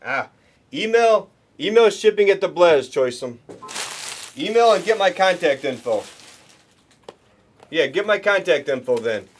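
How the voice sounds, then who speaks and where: A man's voice: sits high, very animated, unhurried, pauses often, slight background noise. A man hosting a live card break, chatting casually and rambling to viewers with many restarts. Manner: rambling, talks to chat viewers, restarts often. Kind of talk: casual livestream chat.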